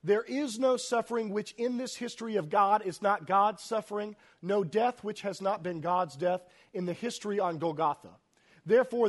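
A man preaching a sermon, reading scripture aloud and explaining it, swinging between hushed and loud delivery. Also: sits high.

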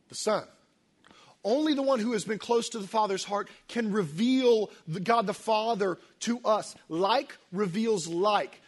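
A middle-aged pastor with a high voice preaching a sermon. He tells stories with feeling and often drops to soft, almost whispered lines. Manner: emotional, storytelling, quiet dips into near-whisper.

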